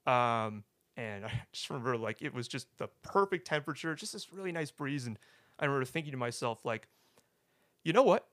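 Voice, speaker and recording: A young man casually telling his personal faith story as a guest, halting and restarting, often tagging "right?". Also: mid-range voice, expressive, bright, forceful tone, no echo, clean studio sound. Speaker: guest sharing testimony.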